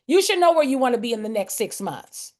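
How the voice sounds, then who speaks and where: A fairly high-voiced woman runs a group coaching session over a video call. She calls on participants by name and hammers her points home with repetition. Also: sing-song, a little fast, darkish tone.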